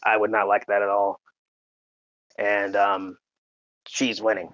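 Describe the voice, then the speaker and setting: A man co-hosting a podcast, talking in a halting, emotional way full of fillers and restarts, fighting back tears. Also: fairly low pitch, monotone, a bit bright, no echo, lo-fi sound. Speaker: podcast co-host. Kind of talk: casual podcast chat.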